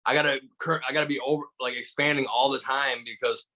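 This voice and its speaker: On a low-quality recording, a young stand-up comedian from Michigan chats as a podcast guest, speaking fast at a medium pitch. He's an animated storyteller who leans heavily on "like."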